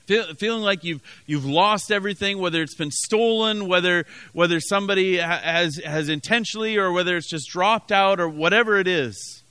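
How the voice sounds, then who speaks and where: A man's voice: high voice, normal speed, hardly any pauses, sharp tone, smooth, no echo. A man from Canada preaching a sermon as pastor, telling a story with many restarts and emphatic repetition.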